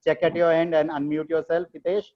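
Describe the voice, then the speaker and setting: Man, slightly high voice, easygoing webinar moderator, muffled call audio. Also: fairly quick. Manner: relaxed, chatty, with many fillers like "okay, okay". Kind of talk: casual online moderation.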